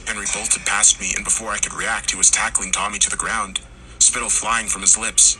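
A man narrating a horror story, acting out the characters' lines and rising to shouts in tense moments. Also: lowish voice, level tone, fairly quick, poor audio. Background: music.

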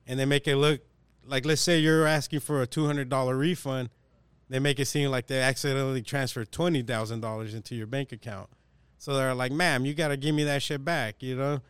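A man's voice: medium pitch, fairly even intonation, a little fast, smooth, dry recording. A young man hosting a casual podcast chat, animatedly telling a story in slangy, profane talk and acting out the people in it.

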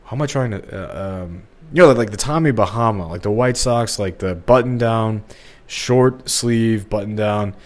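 Speaking at a moderate pace with a fairly low pitch, this young podcast host from St. Louis, Missouri, rambles through a casual solo episode. He restarts often and uses lots of fillers.

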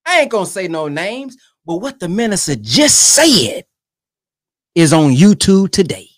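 A young man giving emphatic, animated commentary on a sermon clip he is reacting to. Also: sits high, a little slow, dry recording, studio quality. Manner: animated and emphatic, keeps urging "come on, man". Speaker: online commentator.

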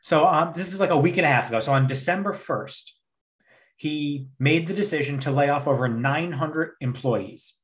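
A man's voice: on the high side, moderate pace. A man co-hosting a podcast, ranting heatedly in casual chat with lots of swearing. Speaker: podcast co-host.

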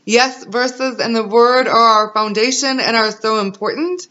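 A woman's voice: a little high, unhurried, sharp tone. A woman in her thirties sharing an emotional personal faith testimony as a mother, earnest and encouraging. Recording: dull lo-fi recording.

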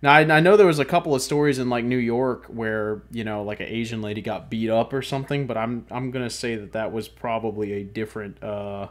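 A man's voice: medium pitch, fairly even intonation, a little fast, hardly any pauses. A man co-hosting a podcast, talking in a rambling, profane, casual way. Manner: rambling, profane, swings loud. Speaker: podcast co-host. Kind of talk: casual chat.

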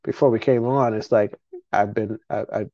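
A man's voice: on the low side, steady tone, normal speed, dark tone, dry recording. A middle-aged man hosting a podcast, talking in a rambling, emotional way with frequent restarts. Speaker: podcast host. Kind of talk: casual conversation. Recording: dull lo-fi podcast audio.

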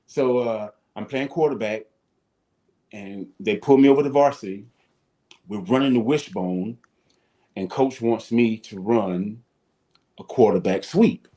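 A man, telling casual stories as a guest, animated and salty-tongued. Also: on the low side, a little slow, pauses often. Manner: animated, swears casually, acts out voices. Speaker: guest, former football player. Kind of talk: casual storytelling.

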